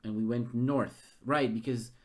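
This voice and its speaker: A man who runs a gamebook live as game master, thinking aloud and getting excited. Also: mid-range voice, measured pace. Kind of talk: live-streamed gamebook narration.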